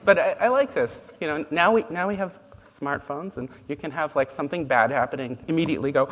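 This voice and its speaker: A man's voice: a little high, brisk, few pauses, a bit bright, long reverb tail, slight background noise. A man giving a dharma talk as a Buddhist teacher, playful and laughing at his own jokes.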